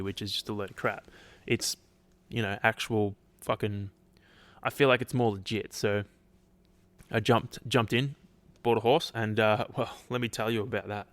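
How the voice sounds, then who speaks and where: A man's voice: on the low side, no echo. Laid-back podcast guy, rambling. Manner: rambling, swears casually, many restarts. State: dry throat. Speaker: podcast host. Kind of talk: casual solo podcast chat.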